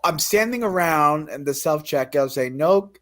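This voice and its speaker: A man's voice: a little high, expressive, moderate pace. A man in casual chat, telling a story in a profane, ranting way. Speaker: guest telling his story.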